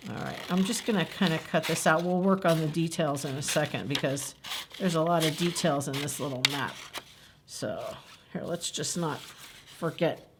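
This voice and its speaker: A woman's voice: low-pitched, moderate pace, background noise. A woman hosting a library story time, chatting her way through a children's craft and asking the kids questions. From New Jersey.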